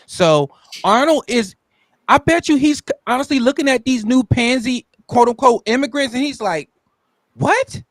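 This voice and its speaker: A man's voice: very high voice, lively intonation, normal speed, no room sound. A man co-hosting a podcast, talking in a heated, sarcastic, opinionated way. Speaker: podcast co-host. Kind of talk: casual opinionated chat.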